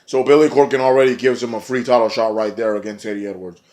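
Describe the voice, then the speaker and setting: Rambling, excitable man recapping wrestling. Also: mid-range voice, fast talker. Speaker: wrestling reviewer. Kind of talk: casual wrestling recap vlog.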